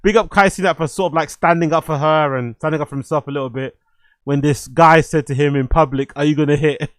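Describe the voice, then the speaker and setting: Man, streamer host, animated casual commentary, swears and laughs, fairly high voice, dry close sound. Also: fast talker, no echo. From London. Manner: animated, swears freely, laughs often, repeats phrases.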